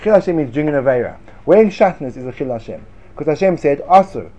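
A man giving a lively Torah class to students, sarcastic and quick to laugh at his own points. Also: on the high side, muffled recording. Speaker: Torah teacher.

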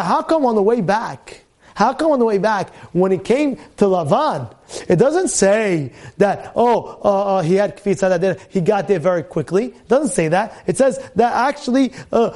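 Giving his weekly Torah talk, a rabbi speaks in an animated way, firing rhetorical questions and repeating his phrases. His voice is high.

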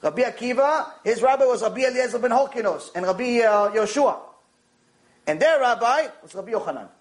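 A man giving a Torah lecture, telling stories in an animated way and repeating lines for emphasis. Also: very high voice, fairly quick. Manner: animated storytelling, with repetition for emphasis. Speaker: Torah teacher.

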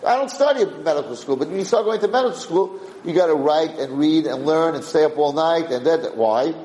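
A man giving a Torah class, lively and animated, often acting out the people he quotes. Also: fairly high pitch, a little fast. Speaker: Torah teacher. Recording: roomy room echo, faint background hiss.

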